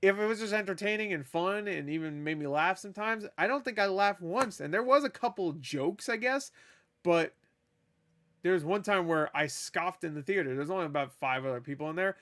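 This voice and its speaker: A man's voice: high voice, fairly quick, fairly bright tone. A man ranting through a casual film review in a profane, sarcastic, rambling way, recorded at a table indoors. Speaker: movie reviewer.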